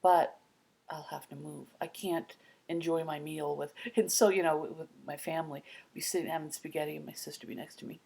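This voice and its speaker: Rambling middle-aged woman, lowish voice. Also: steady tone, fairly quick, creaky, mellow, slightly rough. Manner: rambling, many fillers and whispered asides. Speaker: vlogger. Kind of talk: casual chat to camera.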